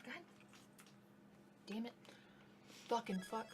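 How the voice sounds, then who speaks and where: A woman's voice: fairly high pitch, fairly even intonation, slow pace, a little mellow, a little hiss or hum. A woman co-hosting a let's play, talking casually and swearing freely while she plays. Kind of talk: casual game commentary.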